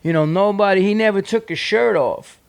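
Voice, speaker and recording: Gravelly, profane New York man. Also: sits high, moderate pace, no echo. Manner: profane, rambling, restless with many fillers and restarts. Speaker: podcast guest, punk band singer. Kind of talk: candid storytelling in conversation.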